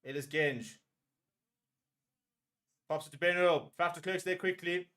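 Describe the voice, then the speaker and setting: A man's voice: on the high side, fairly even intonation, moderate pace, long pauses, fairly bright tone. Anxious man calling a rugby watchalong. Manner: nervous, emotional play-by-play, repeating phrases. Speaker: fan commentator. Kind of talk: live watchalong commentary.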